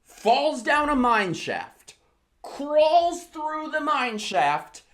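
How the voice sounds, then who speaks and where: A tipsy woman rambles through a drunk comedic movie recap, all swearing and exclamations. Her voice sits a little high and swoops up and down freely. She takes her time with each line. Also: very slow, background noise. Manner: animated, swearing, exclamatory storytelling. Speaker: host.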